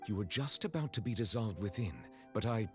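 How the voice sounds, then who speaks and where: A man voicing a dignified male dragon judge in a video game, speaking in a calm, measured and formal manner. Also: fairly low pitch, soft background music, natural voice. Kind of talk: game voice acting.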